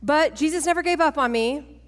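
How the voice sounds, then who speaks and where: A woman gives a church testimony, animated and quick to laugh at herself. Her voice sits fairly high. It carries a long reverb from a large church hall. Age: 40s. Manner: animated, self-mocking, laughing often. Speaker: speaker at a women's church event. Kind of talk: sermon-style testimony talk.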